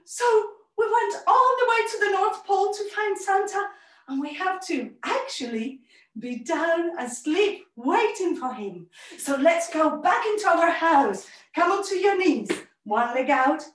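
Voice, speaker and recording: A woman teaching a family yoga class, telling a story with animated, sing-song guidance. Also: very high voice, a little slow, recorded from a distance. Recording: echoey room, voice off-mic.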